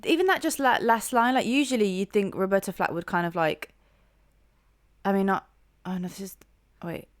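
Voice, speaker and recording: A young woman talks casually into a close mic about a song she loves, gushing and rambling and often restarting her sentences. Her voice sits at an everyday pitch. The sound is dry, with no room echo. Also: normal speed, pauses often. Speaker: music reaction host. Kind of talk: casual reaction commentary.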